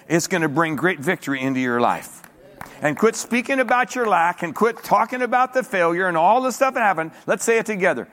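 A high, lively male pastor preaching in a church, with a voice that leaps between low murmurs and high shouts. He often repeats words as he drives each point home. A long hall reverb trails every phrase. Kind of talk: sermon.

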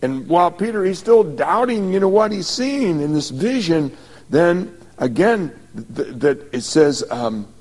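A male pastor retells scripture in loose, conversational language and keeps turning to the congregation with asides. His voice sits fairly high for a man. The sound carries the long reverb of a large church hall. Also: lively intonation, unhurried, darkish tone. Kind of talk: sermon.

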